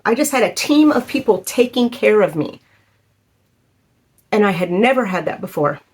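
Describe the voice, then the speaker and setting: A woman in her fifties telling a personal story in a halting, emotional way, with many fillers. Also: mid-range voice, sing-song, breathy edge. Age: 50s. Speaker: vlogger.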